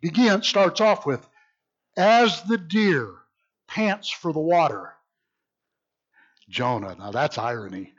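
A man teaching a Bible study in a lively, sardonic way, mixing read passages with his own wry asides. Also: a little high, takes it slowly, long pauses. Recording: dull lo-fi recording.

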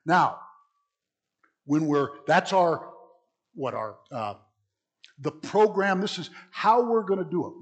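A man preaching in an interactive Bible class, talking conversationally, asking the audience questions and often restarting his sentences. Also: a little high. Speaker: preacher teaching a church class.

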